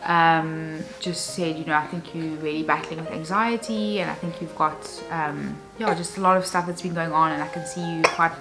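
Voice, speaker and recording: A young mother talks openly to her camera in a casual vlog. Her voice sits a little low for a woman, and she rambles along with plenty of fillers. Music plays clearly underneath her. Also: steady tone, moderate pace, hardly any pauses, rough recording. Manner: candid, rambling, many fillers. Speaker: vlogger, new mother.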